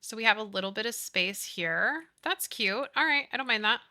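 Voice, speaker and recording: Slightly high-pitched and moving at a moderate pace, a thirtysomething woman streams a life-sim game and chats easily with her audience. She reads their comments out and talks animatedly about movies and growing up.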